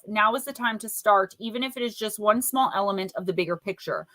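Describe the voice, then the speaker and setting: Bright-voiced chatty woman reading oracle cards. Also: medium pitch, fast talker, few pauses. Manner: chatty, playful, reads card texts aloud, greets viewers by name. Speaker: livestream oracle card reader. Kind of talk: casual live-stream card reading.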